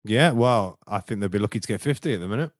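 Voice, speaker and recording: A man's voice: lowish voice, animated, fast, no room sound, studio quality. A man hosting a casual football chat on a video call, joking and self-deprecating, rambling from point to point. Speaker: podcast host.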